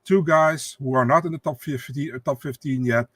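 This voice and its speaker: A man co-hosting a casual sports podcast, talking loosely with halting restarts and casual swearing. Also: medium pitch, a bit bright, dry recording. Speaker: podcast co-host.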